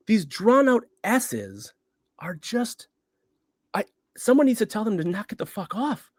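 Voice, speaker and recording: A man co-hosting a sports podcast, rambling animatedly with a fairly high, lively pitch. He keeps interrupting himself mid-sentence. His voice sounds dry and close to the mic. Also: normal speed, dry recording. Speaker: podcast co-host. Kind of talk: casual podcast chat.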